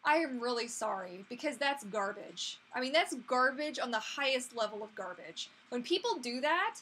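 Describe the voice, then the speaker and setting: A woman's voice: fairly high pitch, lively intonation, moderate pace, bright, forceful tone, slight background noise. A woman in her thirties hosting a casual live Q&A, chatty and rambling, full of fillers and restarts. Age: 30s. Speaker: livestream host answering viewer questions.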